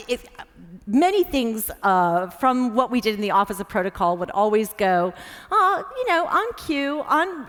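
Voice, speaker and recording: An American woman with a fairly high voice tells animated anecdotes from a stage, full of fillers. Her words ring out with a long reverb in a large hall. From United States. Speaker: former diplomat, speaker. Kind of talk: anecdotal storytelling talk.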